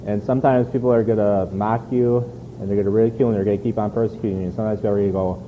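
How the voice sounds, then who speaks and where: A man's voice: fairly low pitch, fairly even intonation, very fast, a little hiss or hum. Earnest preacher man, lo-fi recording. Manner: earnest, conversational, repeats words when restarting. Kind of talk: sermon. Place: church.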